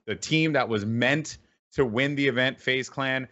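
Bright-voiced man telling an animated story. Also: medium pitch, a little slow, highs cut off. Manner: animated, lots of fillers and restarts. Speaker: esports event host and announcer. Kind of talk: casual interview storytelling.

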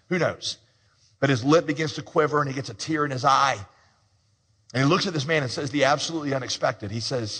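A male pastor delivers his sermon in a conversational storytelling manner and tosses in humorous asides. His voice is bright and a bit husky. A long reverb from a large hall trails each phrase. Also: a little high.

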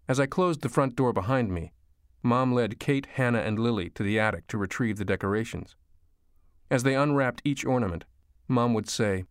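A man reading an audiobook in a measured, gentle storytelling manner. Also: medium pitch, smooth, dry recording, clean studio sound. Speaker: audiobook narrator. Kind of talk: scripted narration.

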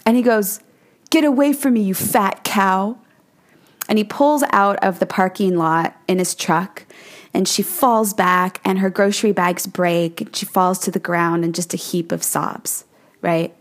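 A woman in her forties hosting a podcast from her home office, giving a chatty, coaching monologue that often checks in with "right?". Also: mid-range voice. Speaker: podcast host, numerology forecaster. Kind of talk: casual monologue.

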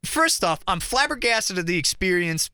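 Lively young man telling a story. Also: high-pitched, normal speed, clean tone, no room sound, studio quality. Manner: animated, crude, swears freely. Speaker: podcast guest. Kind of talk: casual storytelling. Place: college radio studio.

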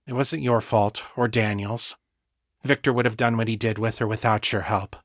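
A man voicing a pregnant teenage psychic girl who speaks gravely, quietly and flatly. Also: on the low side, normal speed, no room sound, studio quality. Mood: stern.

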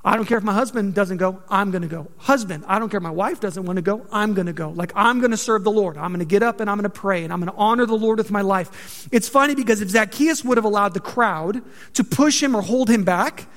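A man preaching a sermon, conversational and joking, with animated delivery. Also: high-pitched, fast, long reverb tail. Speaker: pastor.

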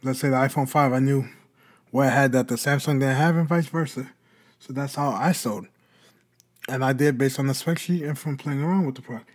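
A man's voice: mid-range voice, fairly quick. A man hosting a podcast, explaining in a casual talk and answering his own rhetorical questions. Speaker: podcast host.

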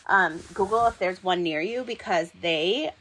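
A woman in her thirties hosting her own podcast, talking in a chatty, excitable, rambling way with lots of fillers. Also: fairly low pitch, measured pace. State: hiccups. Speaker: podcast host. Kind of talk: casual solo podcast talk.

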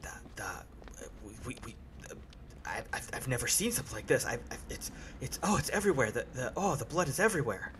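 A man's voice: medium pitch, sing-song, fast, background noise, lightly acted. A man doing a stammering, shocked train porter. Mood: shocked, whispering. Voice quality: hushed, stammering.

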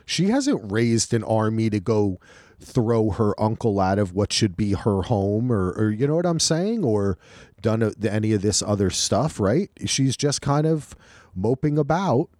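A man co-hosting a podcast in casual chat, talking in a lively, animated way. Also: on the low side, a little slow, no echo, clean studio sound. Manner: animated, lively storytelling with acted quotes. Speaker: podcast co-host.

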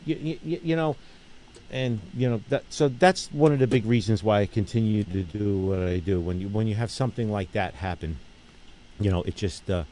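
A man's voice: medium pitch, dark tone. A middle-aged man hosting a casual radio talk show, talking emphatically and rambling through stories with many restarts and frequent "okay?" check-ins. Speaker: radio show host and gun range owner.

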